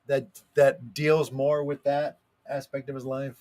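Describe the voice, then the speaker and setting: A man's voice: mid-range voice, level tone, unhurried, a little mellow. A man co-hosting a live stream, talking in a hesitant, dry way with lots of fillers. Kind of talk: casual comedic chat.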